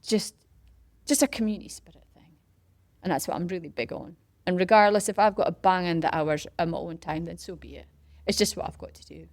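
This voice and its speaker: A woman's voice: lowish voice, a little fast, no echo. A middle-aged Scottish woman in a casual interview, chatting about starting a community run and acting out what people said. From Scotland. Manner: animated storytelling, acts out quoted voices. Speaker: parkrun founder.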